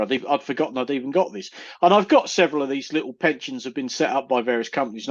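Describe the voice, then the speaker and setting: A middle-aged man joins a group video call, spinning animated stories and poking fun at people. His voice sits at an ordinary pitch. The call audio is slightly muffled and lo-fi. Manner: ranting, mocking, animated storytelling. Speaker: panelist on an online chat show. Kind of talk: casual group banter.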